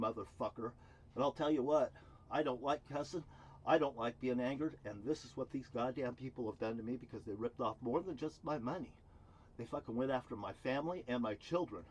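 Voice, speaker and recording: A man's voice: fairly quick, breathy edge. Angry man ranting, heavy swearing. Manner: heated, swearing constantly, swinging between loud outbursts and low muttering. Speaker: vlogger. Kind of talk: angry profane rant to camera. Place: outdoors near a cruise ship terminal.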